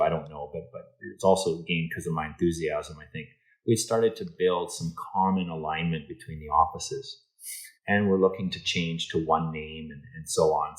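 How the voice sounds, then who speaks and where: Deep-voiced man telling a story. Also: rough recording. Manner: animated storyteller, acts out quoted dialogue, many restarts. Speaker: interview guest, insurance executive. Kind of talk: storytelling in a podcast interview.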